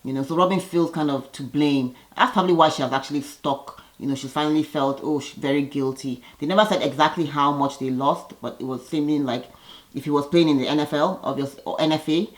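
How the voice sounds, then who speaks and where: A woman vlogger giving a chatty, opinionated recap of a reality TV episode, with lively jumps in her voice. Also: a little fast, low-quality recording. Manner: lively, gossipy, opinionated with sudden pitch jumps.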